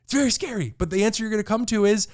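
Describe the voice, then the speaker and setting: A man's voice: high voice, rapid-fire, heavy background noise. A man co-hosting a casual comedy podcast, dry and wry, arguing his points in easy banter. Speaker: podcast co-host.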